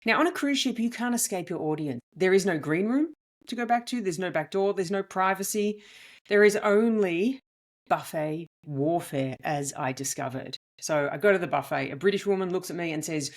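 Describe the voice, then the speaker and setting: A comedian and podcast host tells a story in an animated, emphatic monologue, her medium-pitched voice swinging widely at a fairly quick pace.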